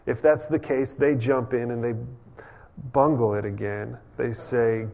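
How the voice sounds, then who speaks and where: Speaking at a measured pace in a creaky, mid-range voice, a man delivers a relaxed, chatty sermon as a pastor. He often restarts his sentences and slips in funny asides.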